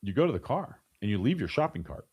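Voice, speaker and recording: A man's voice: on the low side, big pitch swings, quick pace, a little mellow, slightly rough. A middle-aged man in a casual interview, talking animatedly with frequent restarts and acting out voices of parents and kids. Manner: frequent restarts and repeated words. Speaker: podcast guest.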